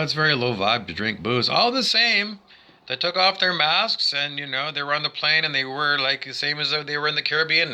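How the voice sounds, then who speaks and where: Bright-voiced man in a rambling rant. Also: on the high side. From Canada. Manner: insulting, repeats "I don't know" often. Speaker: spiritual vlogger. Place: indoors by a window.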